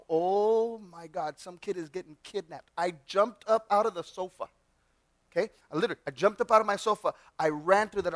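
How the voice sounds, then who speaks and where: A male pastor giving a sermon in a church, telling personal stories in an animated way and often restarting his sentences. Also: high voice, no room sound, studio quality. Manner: animated storyteller with frequent restarts. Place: church sanctuary.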